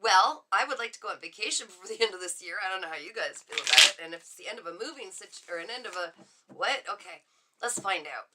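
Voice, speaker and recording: A middle-aged woman chatting excitedly on a live tarot stream, reacting to viewer comments as she reads cards. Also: medium pitch, fast talker, very noisy. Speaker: psychic reader on a live stream. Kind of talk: casual live tarot chat.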